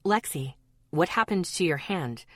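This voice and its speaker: A protective young man speaks firmly and gets straight to the point, as a woman narrator puts him on. The voice stays near her own lowish register, read dry and close. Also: lively intonation, measured pace, a bit bright, dry recording. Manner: firm, pointed.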